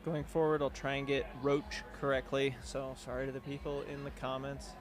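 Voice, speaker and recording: A man's voice: mid-range voice, level tone, normal speed. A man commentating live on a race livestream, calling runners in an easygoing way. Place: outdoors at a race aid station.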